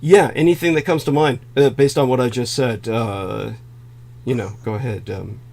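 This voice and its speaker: Gravelly, halting male livestream host. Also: medium pitch, a little mellow, a little hiss or hum. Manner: halting, full of "uh" fillers. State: losing his voice. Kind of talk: livestream discussion.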